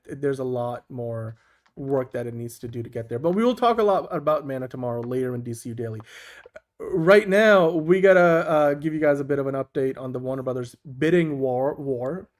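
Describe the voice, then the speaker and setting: A man's voice: medium pitch, brisk. A man co-hosting a casual online talk show, upbeat and laughing often, with frequent restarts. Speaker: co-host. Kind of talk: casual chat.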